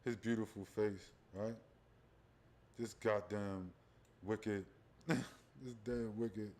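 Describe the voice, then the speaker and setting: A man's voice: lowish voice, steady tone, very slow, darkish tone. A man hosting a profane religious commentary livestream, rambling and talking straight to his viewers, often tacking on "right?". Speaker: livestream host.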